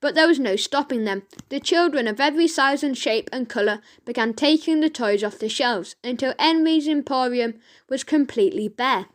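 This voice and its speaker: A woman reading a children's audiobook aloud, slowly and with the odd stumble and self-correction. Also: sits high. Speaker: reader.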